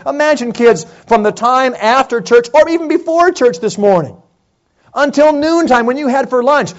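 A man preaching a sermon, retelling a Bible story dramatically and acting out the prophets' cries, swinging from loud calls to hushed lines. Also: extremely high pitch, animated, normal speed, highs cut off. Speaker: pastor.

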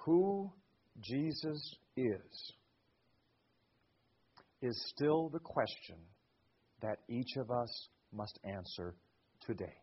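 A man's voice: mid-range voice, expressive, drawn-out words, pauses often, husky, muffled recording. A man preaching a sermon. His cadence rises and falls, and he repeats words as he builds a point. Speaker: pastor.

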